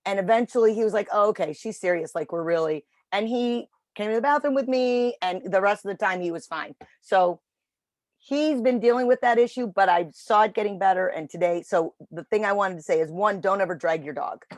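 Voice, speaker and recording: A woman telling a dog-training story in casual chat on a video call, animated when quoting. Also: mid-range voice, brisk, dry recording. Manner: chatty storytelling, animated voices for quotes. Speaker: puppy raiser trainer.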